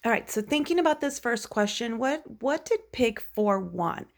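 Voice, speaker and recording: A woman's voice: fairly high pitch, expressive, normal speed. A woman teacher giving a recorded lesson to children, patiently explaining and asking many questions.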